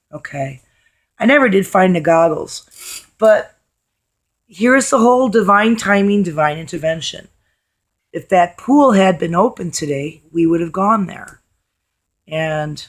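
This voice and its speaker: Her voice is hoarse, worn and fairly low in pitch as this vlogger chats loosely through a story to camera. She speaks bluntly, dropping casual swear words.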